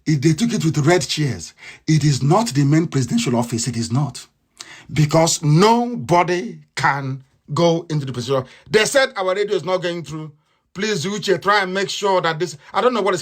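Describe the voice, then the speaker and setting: A man's voice: a little high, lively intonation, brisk. Male radio broadcaster, fiery and mocking, hammers points through repetition, live monologue.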